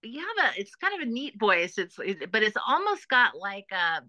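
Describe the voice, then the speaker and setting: A woman's voice: mid-range voice, sing-song, moderate pace, sharp tone, dry recording. A woman from Texas hosting a casual interview, bubbly and full of filler words. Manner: bubbly, lots of "like" and restarts. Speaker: podcast host.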